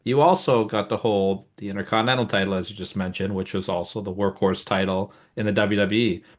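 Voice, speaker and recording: A man co-hosting a podcast, asking a guest measured, polite questions. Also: fairly low pitch, fairly even intonation. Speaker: podcast co-host. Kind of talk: interview questions.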